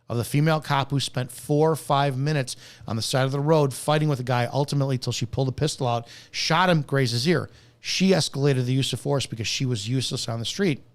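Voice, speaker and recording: A former police officer hosts a live stream, speaking at medium pitch in an angry commentary rant laced with profanity.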